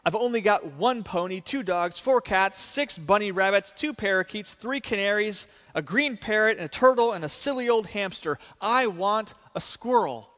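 A man voicing a spoiled, demanding little rich girl in a sermon, his voice pushed up high and whining. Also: lively intonation, moderate pace, few pauses, a bit bright, long reverb tail. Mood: whiny, demanding.

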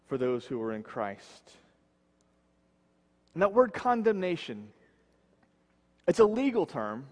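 A man preaching a sermon as pastor, earnest, slowing and dropping his voice low to stress key words. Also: big pitch swings, long reverb tail. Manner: earnest, slows and drops low for emphasis.

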